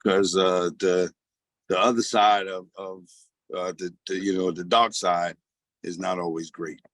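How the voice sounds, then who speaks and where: A man with a fairly low voice recorded dry and close. He halts often and fills the gaps as he searches for words. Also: level tone, a bit bright, dry recording. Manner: hesitant, halting with many fillers. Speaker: co-host.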